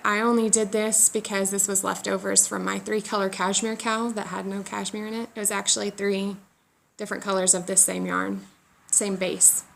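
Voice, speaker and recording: A chatty woman rambles casually through her podcast, teasing herself as she goes. Her voice has a gravelly fry, sitting in a middle pitch. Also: bright, forceful tone. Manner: chatty and rambling, self-deprecating. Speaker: knitting podcast host. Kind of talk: casual chat. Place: sitting outdoors by a road.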